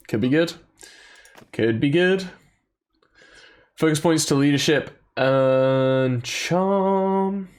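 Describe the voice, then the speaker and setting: A man giving casual, jokey let's-play commentary and reading game text aloud. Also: mid-range voice. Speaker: gaming YouTuber. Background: game soundtrack music.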